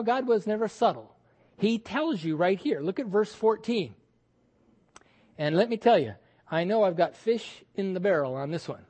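A man's voice: sits high, a little mellow. A male pastor preaching a sermon with emphatic delivery, repeating words and acting out quoted voices.

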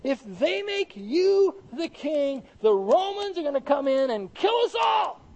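A man voicing panicky male religious leaders who urgently plead and shout demands. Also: very high-pitched, big pitch swings, a little slow, voice pushed up, full character voice. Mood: alarmed.

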